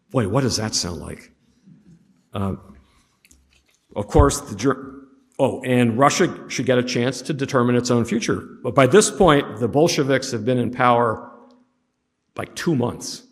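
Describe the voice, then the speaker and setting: Man, history teacher, classroom lecture, casual with wry asides, middle pitch, echoing hall. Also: a little slow, gravelly, pauses often. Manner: conversational with humorous asides.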